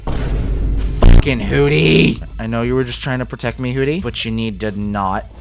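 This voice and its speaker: A man's voice: mid-range voice, fairly even intonation, fast, music in the background. A young man giving casual, profane gameplay commentary, exasperated and talking to his in-game animals. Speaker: gaming video creator.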